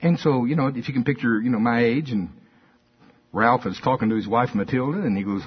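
An older pastor with a drawl preaches in a husky, slightly breathy voice. He talks to the congregation in a folksy, conversational way and hammers his points home through repetition. The recording sounds dull and lo-fi. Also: mid-range voice, a little fast. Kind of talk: sermon. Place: church.

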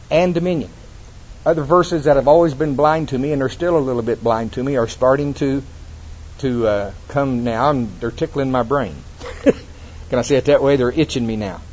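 A man preaching a lively sermon, laughing and rising high when he acts out scripture. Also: lo-fi sound, slight background noise.

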